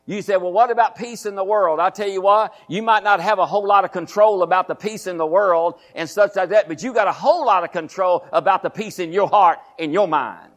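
Male pastor, high voice, folksy sermon that repeats lines and asks the congregation questions. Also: a little fast, hardly any pauses.

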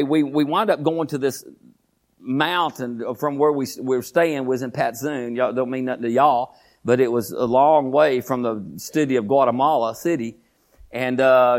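A male pastor preaching a sermon in a folksy, animated way, rising into emphatic bursts. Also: medium pitch.

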